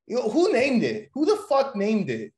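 A man hosting a podcast, joking loudly and swearing in crude, excitable banter. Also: very high-pitched, normal speed, echoey room. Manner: loud, joking, profane, excitable. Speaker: podcast host. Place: room recorded in person.

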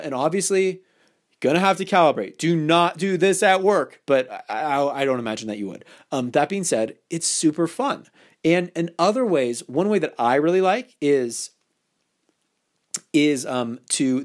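A man hosting a podcast, talking in a loose, playful way and slipping into little acted-out lines. His voice sits a bit high and swings widely in pitch. He restarts his sentences often. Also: very animated, normal speed. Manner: playful, acts out quoted lines, many restarts. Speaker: podcast host. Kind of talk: casual advice podcast monologue.

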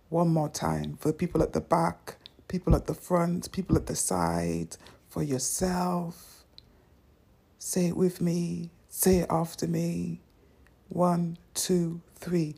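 A young woman rambles in a slow, unhurried vlog from home, recorded on her phone. Her voice is low, dark and gravelly, with a husky edge, and she often sinks into whispers and self-mocking asides. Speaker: vlogger. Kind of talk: casual unedited vlog.

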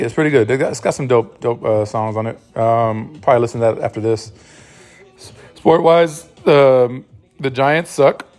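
A man's voice: mid-range voice, darkish tone. Rambling, cursing man with faint music. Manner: loose, rambling and profane, with many restarts. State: sleep-deprived new father. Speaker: podcast host. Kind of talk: casual solo monologue.

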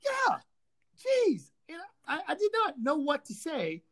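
A woman's voice: high voice, wildly swooping pitch, a little slow. A woman hosting a sports talk show, ranting sarcastically and with profanity about a rival team. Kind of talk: ranting sports podcast chat.

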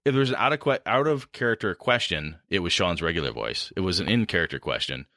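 A man's voice: deep voice, expressive, fast, bright, forceful tone, no room sound, studio quality. A man with a Midwestern American accent hosting a casual podcast chat about running tabletop games, rambling with restarts. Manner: rambling, restarts, frequent laughs. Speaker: podcast host and game master.

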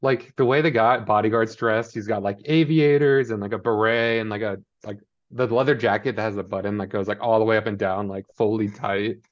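A man's voice: on the low side, fairly even intonation, fairly quick. Muffled, blunt male co-host. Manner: laughing, blunt, interjecting. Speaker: podcast co-host. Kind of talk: casual chat.

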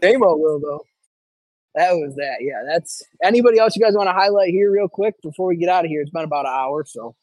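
Man, high voice, dry close sound, casual podcast host, rambling storyteller. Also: a little fast, no room sound, rough recording. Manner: rambling, animated storytelling with lots of restarts.

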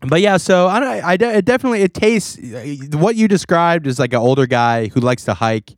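A man's voice: on the high side, fairly quick, no echo, clean studio sound. A man co-hosting a casual beer review podcast, talking in a goofy, rambling way and swearing freely. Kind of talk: casual chat.

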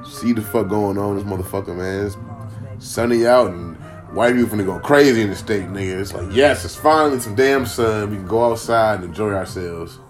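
A man's voice: lowish voice, a little fast, soft background music. A man from Minnesota hosting a casual solo podcast from home, loose, profane, rambling and joking. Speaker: podcast host.

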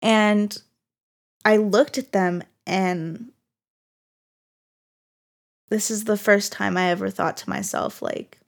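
A young woman hosting a solo podcast, speaking candidly and haltingly with many fillers and restarts, at times tearful with her voice breaking. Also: medium pitch, fairly even intonation. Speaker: podcast host.

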